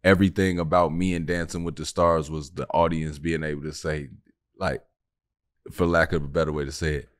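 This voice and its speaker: A man's voice: rumbling low, level tone, brisk, no room sound, clean studio sound. A man hosting a podcast in casual chat, slangy and joking, laughing often. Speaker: podcast host.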